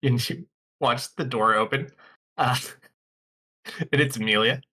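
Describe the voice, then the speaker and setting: A man's voice: medium pitch, steady tone, a little slow, bright, forceful tone. A man narrating as game master in a tabletop game, loose and chatty, often breaking into laughter.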